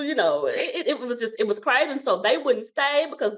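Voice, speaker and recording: Brief: a woman telling a personal story as an interview guest, animated and rambling, with a slightly high voice. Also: brisk, hardly any pauses. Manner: animated, rambling, with restarts and laughs. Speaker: childcare center owner, guest.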